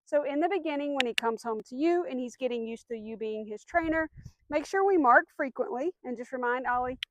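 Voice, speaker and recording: A woman dog trainer giving a clear, patient lesson outdoors, with firm short commands. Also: sits high, animated, brisk, noisy background. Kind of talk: instructional demonstration.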